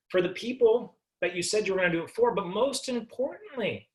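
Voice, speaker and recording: A man's voice: high voice, wildly swooping pitch, fairly quick, hardly any pauses. A man giving a motivational talk to a business team, emphatic and repeating his key phrases.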